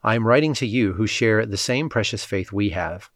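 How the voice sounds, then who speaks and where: A man giving a measured, scripted Bible reading, lightly voicing the quoted speech. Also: on the low side, expressive, dry recording, studio quality. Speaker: scripture reader.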